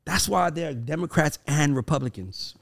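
A man in his thirties co-hosting a casual talk show, telling loud, animated stories. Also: a little high, moderate pace, gravelly. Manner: loud, animated storytelling with profanity. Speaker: podcast co-host. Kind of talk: casual chat.

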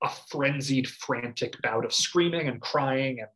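A man, chatting casually as a podcast co-host. He tells stories animatedly and breaks into shouted impressions of his younger self. His voice sits at a middling pitch. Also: unhurried. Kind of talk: casual chat.

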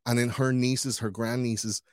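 A man hosting a podcast in casual chat, talking in a profane, rambling, animated way. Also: medium pitch, unhurried, no room sound, studio quality.

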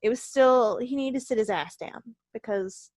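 A woman co-hosting a podcast, her voice sitting a bit high, and she rants hotly with plenty of swearing. She sounds tired and a little ill. The sound is dry and close, with no room around her. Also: moderate pace, a little mellow, no echo. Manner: ranting, profane, heated. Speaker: podcast co-host. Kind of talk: casual wrestling podcast chat.

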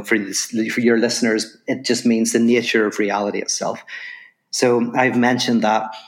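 Speaking in a lowish voice, a man appears as a philosopher guest on a podcast interview. He shares a story and lays out ideas in fast, lively bursts, peppered with "right?"

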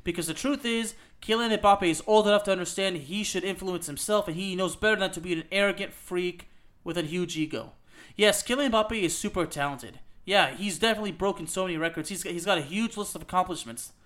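A man's voice: sits high, brisk, a bit bright. A man hosting a soccer podcast, ranting emphatically with frequent "okay?" and "you know what?" and some swearing. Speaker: podcast host. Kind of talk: soccer opinion podcast rant.

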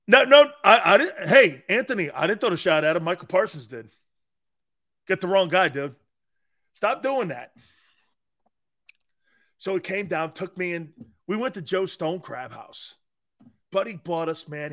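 Loud, profane man in his sixties telling stories. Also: a little high. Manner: loud, profane, laughing storyteller. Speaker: sports talk show host. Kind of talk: casual storytelling on a sports talk show.

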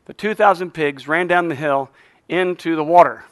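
A man's voice: fairly high pitch, normal speed, no room sound. A man preaching a sermon as pastor in a church, fiery, leading the congregation in call-and-response and tossing in jokes.

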